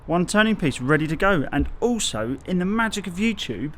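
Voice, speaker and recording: A man's voice: sits high, expressive, fairly quick, a bit bright. Chatty bricklayer man. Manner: chatty, loses his train of thought, self-corrects. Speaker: bricklayer vlogger. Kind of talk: casual explanatory vlog. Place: outdoor building site.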